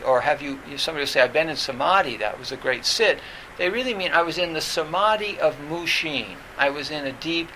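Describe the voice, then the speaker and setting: A man teaching as a Zen teacher in a dharma talk, halting and full of fillers and restarts. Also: fairly high pitch, sharp tone, slight background noise, rough recording.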